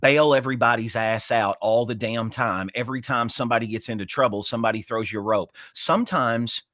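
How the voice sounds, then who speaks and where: A man in his forties co-hosting a casual chat, telling a story with passion and sharp emphasis. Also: mid-range voice, brisk, no room sound, studio quality. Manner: impassioned, storytelling with emphatic swings. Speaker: co-host.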